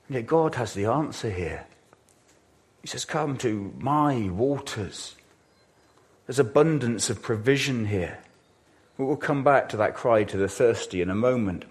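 A man delivers a sermon in a very deep voice. He plods along in a self-deprecating way, then breaks into loud calls now and then. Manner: plodding, self-deprecating, bursts into loud exclamations. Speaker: preacher.

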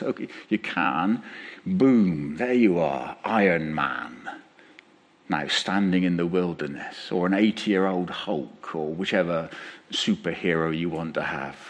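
A man preaching a sermon as pastor, conversational and lively, acting out quotes as he speaks. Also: low-pitched.

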